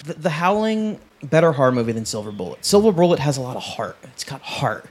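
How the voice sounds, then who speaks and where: On a podcast panel, a man chats casually about horror films, rambling with enthusiasm and frequent restarts. He has a mid-range voice, very animated and brisk.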